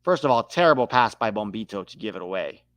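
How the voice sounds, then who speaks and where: A man hosting a live match watch-along, calling the play with excitable outbursts. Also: lowish voice, fast, no echo. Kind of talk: live match reaction commentary.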